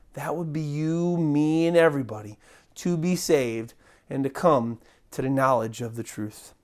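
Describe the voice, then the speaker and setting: A preacher delivering an impassioned sermon, dropping to hushed low lines and then rising into pleading, repeated calls. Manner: repeats phrases for emphasis.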